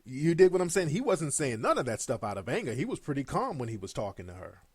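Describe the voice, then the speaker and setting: A man's voice: medium pitch, sing-song, quick pace, husky, dry recording. A man giving blunt, mocking commentary over played clips.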